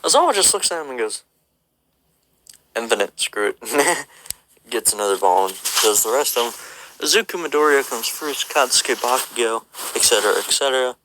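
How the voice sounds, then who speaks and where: A chatty, upbeat man hosts his channel and recaps a fan story. His voice is bright and forward, over a faint hiss. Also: mid-range voice, expressive, fairly quick, low-quality recording. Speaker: channel host. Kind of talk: casual story recap and sign-off.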